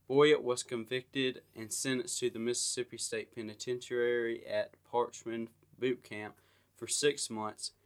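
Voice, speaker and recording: A man co-hosting a podcast, reading out a true-crime case in a steady, matter-of-fact way. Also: medium pitch, clear, resonant tone. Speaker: podcast co-host.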